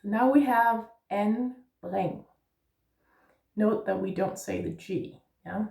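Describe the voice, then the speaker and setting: A woman's voice: medium pitch, slow, gravelly, warm tone, reverberant, recorded from a distance. A woman teaching Danish pronunciation, patiently spelling out letters and checking in with "yeah?". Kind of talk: pronunciation lesson.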